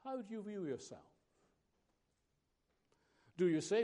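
A man preaching a sermon, slow and emphatic, pausing between phrases. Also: sits high, big pitch swings, dark tone.

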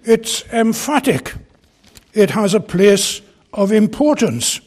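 Deliberate, husky-voiced male preacher. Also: high voice, very animated, a little mellow. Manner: earnest, emphatic, deliberate Bible exposition. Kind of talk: expository sermon. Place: church pulpit.

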